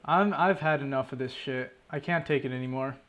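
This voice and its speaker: This gaming channel host, a man with a medium-pitched, fairly bright voice, talks a little fast. He casually narrates his own gameplay to himself in let's play style, sounding stressed, irritated, and swearing a lot.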